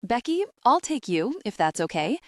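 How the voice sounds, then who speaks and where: A woman's voice: fairly high pitch, big pitch swings, normal speed, no echo, clean studio sound, pitched above the performer's own voice. A woman voicing a firm, bossy female antenatal teacher in an audiobook. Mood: instructive. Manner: firm, instructive.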